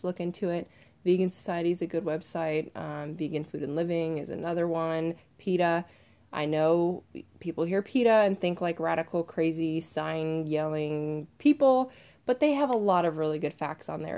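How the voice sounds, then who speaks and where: A young woman hosting a casual solo podcast, talking to listeners in a chatty, animated way and swearing now and then. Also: fairly low pitch. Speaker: podcast host.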